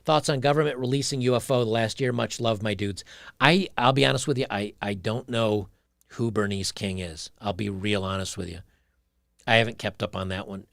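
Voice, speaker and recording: Male streamer, gravelly voice, opinionated rants between clips, dry close sound. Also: lowish voice, no echo. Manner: opinionated, ranting, reads chat aloud. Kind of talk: casual livestream commentary.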